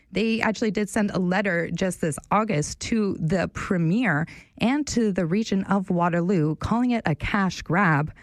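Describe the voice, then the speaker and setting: A young woman hosting a talk radio show, telling a story in a chatty, animated way. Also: mid-range voice, no room sound. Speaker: radio show fill-in host. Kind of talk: casual talk radio chat.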